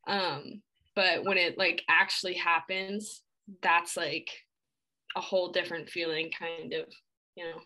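A young woman athlete answering interview questions in a casual, relaxed way, with lots of "like" and "I mean," shivering a little after an ice bath. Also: on the low side, unhurried, rough recording. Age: young adult. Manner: relaxed, filler-heavy speech, many "like"s.

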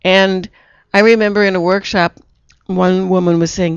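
A woman's voice: fairly low pitch, fairly even intonation, moderate pace, clear, resonant tone, no echo. A woman hosting an internet radio talk show, chatting casually with a guest and telling stories in which she acts out quotes. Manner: storytelling, acts out quotes in her own voice. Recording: dull lo-fi internet radio sound.

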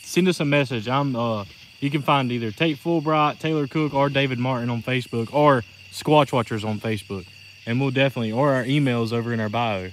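A man's voice: medium pitch, brisk, a little hiss or hum. A man co-hosting a night livestream outdoors, reading viewer comments aloud in a jokey, easygoing way. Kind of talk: casual live chat.

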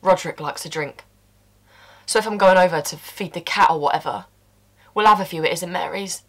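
A husky, low-voiced woman, played by an actress, tells her story bluntly, with swearing. She drops into hushed whispers as she confesses to a killing. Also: brisk. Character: tough working-class London woman confessing a killing. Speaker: actor performing a monologue. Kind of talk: stage monologue.

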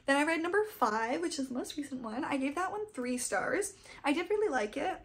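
With a voice that sits high, lively intonation, and a slightly fast pace, a young adult book vlogger gushes over her recent reads. It's a casual, fangirly wrap-up chat.

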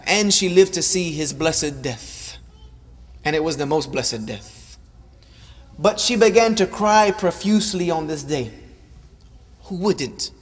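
An impassioned male preacher giving a sermon, his voice rising and falling as he repeats lines for emphasis. His voice sits a little high for a man. A long hall reverb trails behind every phrase. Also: expressive, unhurried. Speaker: Islamic preacher. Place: large hall or mosque.

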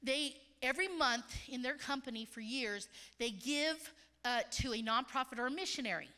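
A woman's voice: high voice, moderate pace. A woman speaking at a conference, telling stories in a sermon and acting out the voices of the people she quotes. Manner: animated storyteller, acts out quoted voices. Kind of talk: sermon with storytelling. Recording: large hall reverb.

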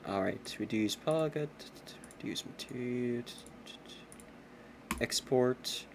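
Male streamer, lowish voice, chatty and sweary, faint keyboard typing behind. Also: animated, normal speed, background noise. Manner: chatty, swearing, self-mocking. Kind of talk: casual gameplay commentary.

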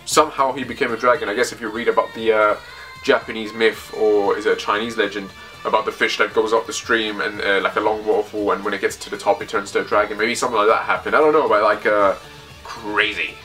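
A man casually reacting to a comic chapter, thinking aloud in a rambling, excitable way as he reads it. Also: fairly low pitch, quick pace, faint music behind. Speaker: manga reaction host.

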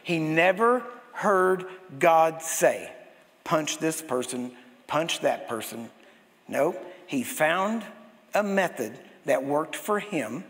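Male pastor, high voice, animated sermon storyteller, recorded in an echoey hall. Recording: long hall reverb.

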